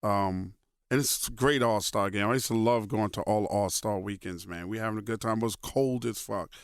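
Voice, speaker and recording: A man, a radio personality telling stories as a guest in a casual interview, animated and swearing freely. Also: lowish voice, normal speed, clean tone, dry recording, clean studio sound. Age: 50s. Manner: profane, animated storyteller who voices others in quotes.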